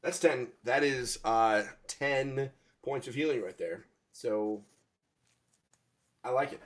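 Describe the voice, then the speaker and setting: A man's voice: medium pitch, takes it slowly. A man narrating as game master, hesitant and searching for his words.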